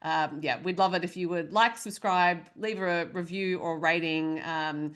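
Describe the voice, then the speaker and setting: Wry, low-voiced woman. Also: fairly even intonation, unhurried, a bit bright, clean tone. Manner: dry, wry teasing. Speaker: podcast co-host. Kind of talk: casual chat.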